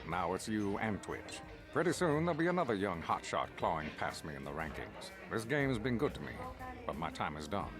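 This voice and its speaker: An actor playing a weary aging male arena duelist, speaking calmly and reflectively, in a video game. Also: deep voice, brisk. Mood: wistful. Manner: calm, reflective farewell. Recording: game voice over loud music.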